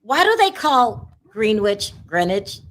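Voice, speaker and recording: A woman's voice: on the high side, very animated, slow pace. A woman in a casual chat, blunt and teasing.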